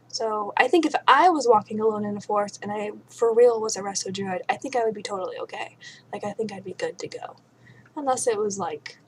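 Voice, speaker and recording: A young woman chatting casually on a webcam, answering viewer questions in a bubbly, rambling way full of "like" and "um.". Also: a little high. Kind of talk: casual chat. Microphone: webcam mic. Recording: faint room noise, webcam mic.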